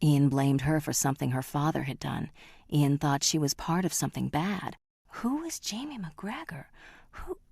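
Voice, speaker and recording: A woman narrating an audiobook in a dramatic, measured reading. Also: a bass voice, steady tone, vocal fry, a little mellow, no room sound, clean studio sound.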